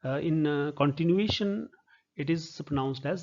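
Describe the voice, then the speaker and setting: Man, lecturer, slightly high voice, patient, hesitant fillers, dull lo-fi recording. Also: a little slow, darkish tone. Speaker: literature professor.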